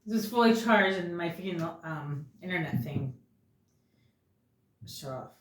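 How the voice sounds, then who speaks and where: A woman's voice: on the low side, animated, a little slow, a little hiss or hum. A woman giving a casual tarot reading, talking bluntly and with a lot of swearing as she rambles. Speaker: tarot reader. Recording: echoey room.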